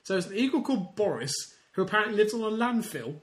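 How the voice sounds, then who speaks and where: A man's voice: high-pitched, sing-song, quick pace, a crowd in the background. An English man co-hosting a podcast, talking casually, hesitant and giggly with many restarts. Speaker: podcast co-host. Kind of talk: casual chat. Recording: echoey room.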